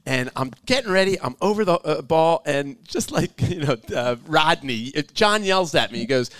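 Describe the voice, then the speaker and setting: A male host with a high voice, talking casually at a live show. He rambles through stories with plenty of fillers. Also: lively intonation, normal speed, few pauses, fairly bright tone, no echo. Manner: chatty storyteller with fillers.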